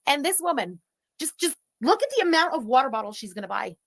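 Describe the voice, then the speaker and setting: A woman commentator vents her exasperation in an indignant tone. Her voice is high-pitched and she sounds fed up. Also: sing-song, fast talker. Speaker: commentator in a reacted video. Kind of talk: complaining commentary.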